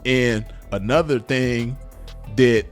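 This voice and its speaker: A man's voice: medium pitch, slow, faint music behind. A man, speaking in a blunt, profane, repetitive unscripted monologue to camera. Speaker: vlogger.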